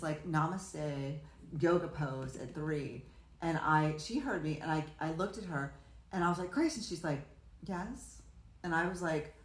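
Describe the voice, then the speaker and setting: A woman talking casually as a podcast guest, a rambling storyteller who restarts often and acts out quotes. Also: low-pitched. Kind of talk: casual conversation. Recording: roomy echo.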